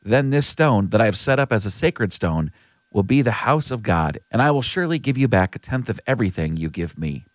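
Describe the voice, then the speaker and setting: A man's voice: on the low side, animated, brisk, no room sound, lightly acted. A man reading the lines of Jacob, an earnest young traveler, in a lightly lifted voice.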